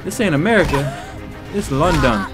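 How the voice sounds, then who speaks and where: A young man giving let's play commentary, loud and excitable, talking back to the characters on screen. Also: a little high, moderate pace, music in the background. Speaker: gaming YouTuber.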